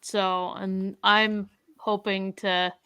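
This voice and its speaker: A woman's voice: medium pitch, level tone, drawn-out words, bright, forceful tone, a little hiss or hum. A young adult woman from Canada hosting a casual podcast chat with friends, chatty and laughing often. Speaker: podcast host.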